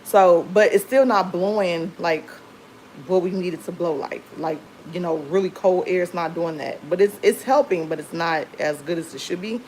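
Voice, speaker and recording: Chatty woman with a low voice. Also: normal speed, darkish tone, slight background noise, poor audio. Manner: chatty, rambling storytelling with many fillers. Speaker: livestream host. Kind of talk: casual livestream chat. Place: home.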